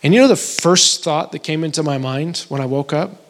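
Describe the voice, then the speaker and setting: A married man delivers a sermon in a somewhat high voice. He tells stories casually, with small restarts, and builds to emotional, pleading peaks. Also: moderate pace. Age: adult, married. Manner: conversational storytelling with restarts. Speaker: pastor.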